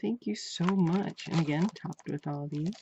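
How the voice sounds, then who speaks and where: A woman's voice: low-pitched, normal speed, background noise. A woman vlogger chatting casually while unboxing crafts, gushing and repeating her praise. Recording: dull lo-fi home recording.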